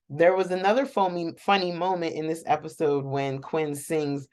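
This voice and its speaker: A woman's voice: sits low, steady tone, normal speed, hardly any pauses, a little mellow. A woman hosting a casual, rambling reaction recap of a TV episode, chatting to viewers and laughing often. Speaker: show reaction host.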